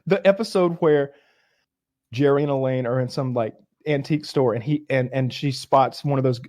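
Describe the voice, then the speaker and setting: A man's voice: mid-range voice, moderate pace. A man co-hosting a casual podcast, telling sitcom stories with lots of swearing and acted-out lines. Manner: animated storyteller, acts out sitcom lines, swears. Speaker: podcast co-host. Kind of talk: casual chat.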